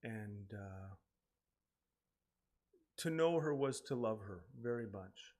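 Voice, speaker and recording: A man in his forties giving a eulogy for his mother, telling a personal story haltingly with many pauses and repeated words, his voice falling quiet at emotional moments. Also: fairly low pitch, animated. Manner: emotional, voice drops quietly at times.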